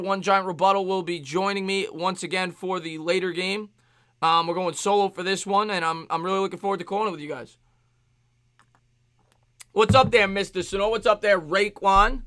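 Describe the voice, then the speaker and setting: A man hosting a live sports stream, greeting chat viewers by name in quick shout-outs. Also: high voice, no room sound.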